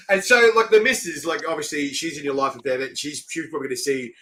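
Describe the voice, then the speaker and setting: A man's voice: fairly high pitch, brisk, bright, forceful tone, a little hiss or hum. A man with an Australian accent hosting a casual live-stream interview, chatty and slangy, laughing often. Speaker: host.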